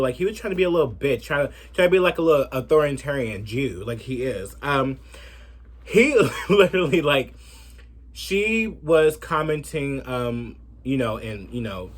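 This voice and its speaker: A man giving a brash, profane commentary rant in a sassy, animated way. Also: mid-range voice, breathy edge. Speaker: commentary vlogger.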